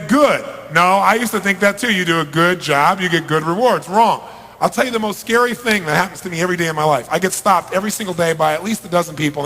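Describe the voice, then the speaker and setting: A man giving a live motivational seminar talk in a large hall, swinging between booming shouts and hushed asides. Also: slightly rough. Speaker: motivational speaker.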